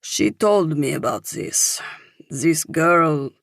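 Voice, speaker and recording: A woman's voice: deep voice, lively intonation, gravelly, no echo, studio quality, heavily acted. A woman putting on a friendly old Frenchman with a thick accent. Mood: kindly. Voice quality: thick accent, halting for words. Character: friendly older French man.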